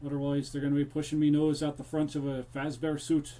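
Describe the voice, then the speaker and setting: Slightly high-pitched and dark in tone, he speaks in a monotone at a fairly quick clip. He's a young man doing casual live-stream commentary on a horror game, talking to his viewers and drifting into a playful pirate-style accent.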